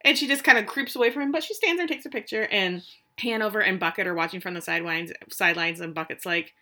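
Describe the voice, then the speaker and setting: Talking fast with a bright, forceful, medium-pitched voice, a woman co-hosting a podcast walks through a TV episode's scenes. Her casual recap is frank and salty, with swearing and quotes she performs.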